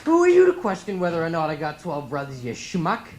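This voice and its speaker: A young man playing a brash, defensive Boston tough guy who talks loudly and rattles off names combatively, with a Boston accent. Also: very high-pitched, takes it slowly, dull audio, heavy background noise, voice pushed up, full character voice. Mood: defensive, indignant.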